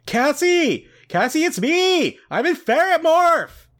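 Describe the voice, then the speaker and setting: A man putting on a high, valley-girl voice for a panicked teen trapped as a ferret in a tote bag. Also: big pitch swings, moderate pace, fairly bright tone, exaggerated voice.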